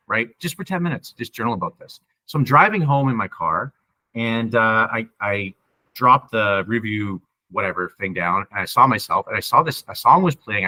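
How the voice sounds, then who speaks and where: A man's voice: on the low side, bright, forceful tone, poor audio. A young man from Canada talking casually in an interview, rambling and emphatic, with many "right?" asides. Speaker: podcast guest sharing his sobriety story.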